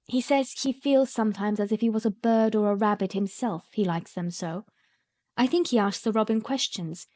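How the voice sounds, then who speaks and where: A woman's voice: medium pitch, normal speed, a little mellow, dry recording, studio quality, lightly acted. Woman reading as a blunt stubborn girl. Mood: earnest. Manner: blunt, obstinate. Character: stubborn contrary young girl. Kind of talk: audiobook character reading.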